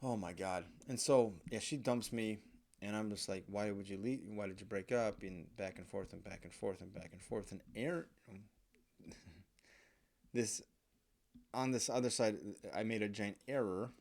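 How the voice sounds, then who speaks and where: A man's voice: fairly low pitch, measured pace, gravelly, darkish tone. A man hosting a podcast, telling a comic personal story in a profane, self-mocking, rambling way. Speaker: podcast host.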